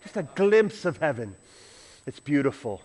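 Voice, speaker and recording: A man's voice: on the high side, big pitch swings, unhurried, darkish tone. A man preaching a sermon as pastor, conversational, asking the congregation questions and adding humorous asides.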